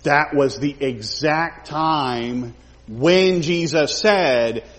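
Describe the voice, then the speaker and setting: A man's voice: on the high side, drawn-out words, long reverb tail, slight background noise. A man teaching a Bible study, talking the group through a passage and acting out the quoted lines in character.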